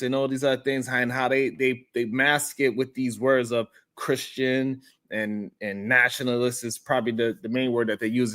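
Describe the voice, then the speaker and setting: A man's voice: mid-range voice, a bit bright. A man hosting a casual morning livestream, greeting viewers and laughing often. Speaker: morning show host.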